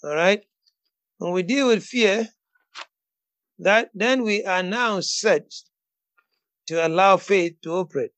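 High-voiced preacher declaring bold promises. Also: male voice, slow, long pauses, fairly bright tone, no room sound. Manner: rises to bold, emphatic declarations, repeats words. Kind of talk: sermon with prayer call-in.

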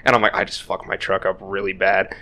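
A man's voice: low-pitched, little pitch movement, fast, pushed and bright. A young man telling a rambling, self-deprecating story in casual podcast chat, swearing freely. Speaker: podcast co-host.

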